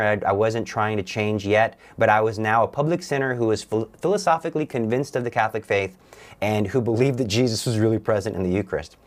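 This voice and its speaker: Young man, low voice, earnest testimony, halting delivery with frequent restarts. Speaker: guest. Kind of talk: personal testimony.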